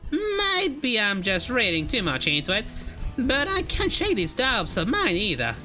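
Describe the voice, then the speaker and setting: A game streamer putting on a stern older woman who bluntly warns two youngsters off, pitched higher than the streamer's own talk. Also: wildly swooping pitch, a little slow, sharp tone, soft background music, heavily acted. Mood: scolding. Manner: scolding, blunt, warning.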